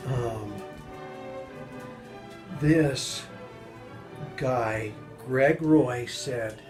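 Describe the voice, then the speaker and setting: An older man telling jokes in a casual, halting way, often restarting his sentences and jumping high in pitch when he voices the people in his jokes. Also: fairly even intonation, darkish tone, faint music behind, poor audio. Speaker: joke teller.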